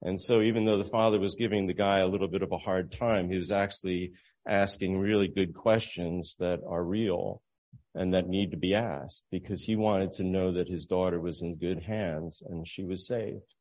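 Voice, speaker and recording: A man with a somewhat low voice tells a story to make a moral point. He talks in a relaxed, unhurried way, with small restarts and soft chuckles. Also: highs cut off. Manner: relaxed, halting storyteller who laughs at his own story. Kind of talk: storytelling sermon illustration.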